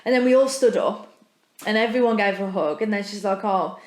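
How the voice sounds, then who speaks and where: A British woman co-hosts a podcast and tells stories with animated energy, with casual swearing mixed in. The recording has a noticeably roomy echo. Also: mid-range voice, brisk. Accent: British English. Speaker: podcast co-host. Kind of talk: casual chat. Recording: echoey room.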